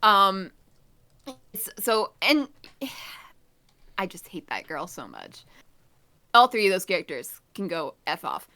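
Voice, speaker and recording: A woman's voice: medium pitch, very animated, slow, pauses often, sharp tone. A woman co-hosting a podcast in casual chat, ranting in an exasperated, blunt way. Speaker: podcast co-host.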